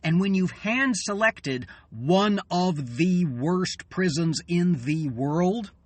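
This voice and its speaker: A man in an angry, swearing political rant, tired and fuming, halting and then bursting out loud. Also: high voice, animated, no echo. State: weary and fuming. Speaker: channel host.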